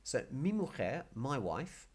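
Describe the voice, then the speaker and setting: A man's voice: medium pitch, sing-song, slow, husky. A man teaching a casual Spanish lesson, patiently explaining and repeating words. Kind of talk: casual video language lesson.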